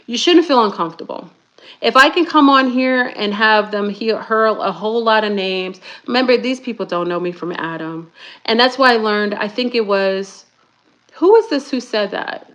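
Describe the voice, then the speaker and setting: A middle-aged woman hosting a casual talk stream, speaking in a chatty, animated way and calling her viewers y'all. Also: fairly high pitch, moderate pace, highs cut off. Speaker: YouTube spiritual talk host.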